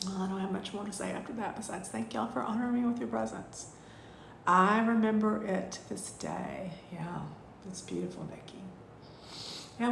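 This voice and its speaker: Lady leading a spiritual class online, gushy and heartfelt, bit of vocal fry, echoey room. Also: mid-range voice, a little hiss or hum. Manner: warm and gushing, with drawn-out thank-yous. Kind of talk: live online class, casual and emotional.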